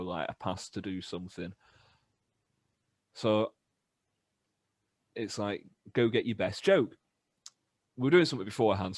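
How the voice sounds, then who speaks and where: A young British man in a band, casually telling animated stories on a podcast and acting out the voices. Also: low voice, dry recording. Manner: animated anecdotes with laughs and acted-out voices. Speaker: band member podcast host. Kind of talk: casual storytelling chat.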